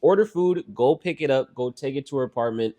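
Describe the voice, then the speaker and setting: A young man co-hosting a podcast in loose, casual banter with his sister. He talks in a rambling, profane way, stacking "like" and acting out what others said. His pitch sits at an ordinary middle height for a man. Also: a little fast, mellow. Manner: profane, rambling storyteller who acts out quotes. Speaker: podcast co-host.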